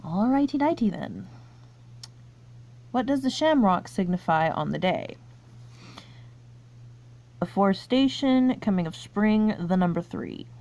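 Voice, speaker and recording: A woman's voice: mid-range voice, very animated, measured pace, gravelly, pauses often, warm tone. A woman reading quiz questions aloud and thinking through her answers in casual, chatty commentary, laughing often. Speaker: YouTuber taking online quizzes.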